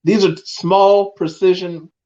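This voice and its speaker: A man with a fairly high voice, a guest in a casual chat, talks plainly and asks pointed questions. The recording is dull and lo-fi. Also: flat delivery, takes it slowly, mellow. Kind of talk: casual conversation. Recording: dull, lo-fi sound.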